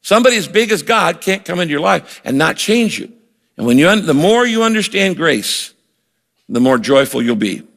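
An older male pastor preaches with an earnest, emphatic delivery, acting out the lines he quotes. His voice is fairly high for a man and gravelly. It rings out with a long reverb from a large church hall. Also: sing-song, moderate pace, a bit bright. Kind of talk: sermon.

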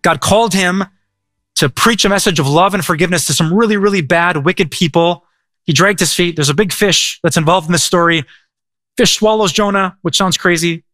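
A middle-aged man preaching with a bright, forceful edge and a conversational, humorous delivery. His voice sits a bit high for a man, and the recording is dry and close. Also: fairly quick, no room sound. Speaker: pastor. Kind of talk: sermon.

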